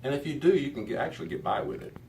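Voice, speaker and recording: A man's voice: medium pitch, animated, rapid-fire, a little mellow, recorded from a distance, a little hiss or hum. A man teaching a Hebrew reading lesson to a class, explaining patiently with many fillers.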